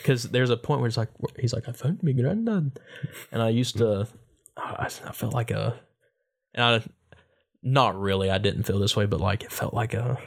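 A man's voice: lowish voice, fairly even intonation, moderate pace, creaky. A man co-hosting a podcast in a loose, joking chat, often breaking into silly voices. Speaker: podcast co-host. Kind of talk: casual chat.

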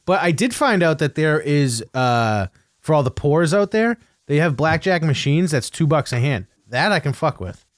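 A man's voice: on the high side, expressive, moderate pace, no echo, clean studio sound. A man co-hosting a casual chat, telling rambling stories with frequent laughter. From New England. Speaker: podcast co-host.

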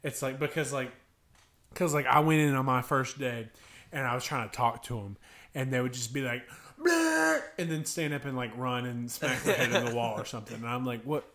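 A man's voice: medium pitch, fairly even intonation, fairly quick, fairly bright tone. A young man co-hosting a podcast, chatting casually and telling funny stories with voices for the kids. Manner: storytelling, acting out kids' voices, laughing. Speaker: podcast co-host. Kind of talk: casual chat.

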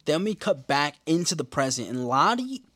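A man hosting a podcast, giving a casual, profane episode recap and quoting characters in animated bursts. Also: a little high, normal speed, no room sound, clean studio sound. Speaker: podcast host.

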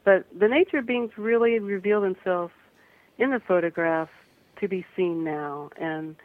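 A woman's voice: medium pitch, a little slow. Earnest woman on a tinny phone line. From American Midwest. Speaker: guest photographer and author. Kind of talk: radio interview, phone-in guest.

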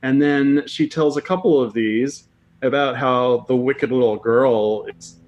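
A man's voice: medium pitch, measured pace, a little mellow, highs cut off. Thoughtful hesitant man podcast host. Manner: thoughtful, hesitant, searching for words. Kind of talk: casual book discussion.

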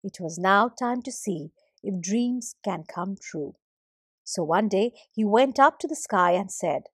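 Cast a woman storyteller, slow and unhurried, with a lively rise and fall to her voice. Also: medium pitch, breathy edge, no echo, clean studio sound. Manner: slow, gently expressive. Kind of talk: storytelling narration.

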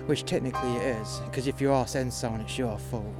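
A man's voice: mid-range voice, fairly even intonation, brisk, over music. A man telling a work story in a blunt, mocking, profane way. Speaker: podcast storyteller. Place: outdoors in freezing cold.

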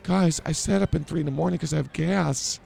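A man's voice: a little high, fairly quick, creaky, a little mellow. A man hosting a comedy podcast who blurts things out and mocks himself in improvised banter. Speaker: podcast host.

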